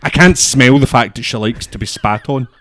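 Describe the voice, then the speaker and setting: A man's voice: mid-range voice, moderate pace, a bit bright. A young man co-hosting a podcast, telling stories bluntly and swearing freely. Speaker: podcast co-host. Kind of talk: casual chat.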